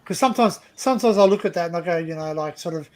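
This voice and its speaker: A man's voice: sits high, quick pace. A man hosting a live stream, chatting casually and telling rambling anecdotes with plenty of swearing.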